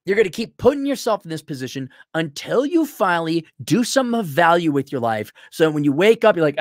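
A man's voice: a little fast, hardly any pauses, no echo, studio quality. A man hosting an advice show, giving blunt, mocking advice in a brash rant. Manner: brash and mocking, lively swoops in pitch.

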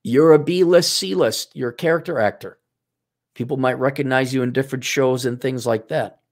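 A man's voice: mid-range voice, moderate pace. A man giving casual, blunt advice in a rambling way, often stopping and restarting his sentences.

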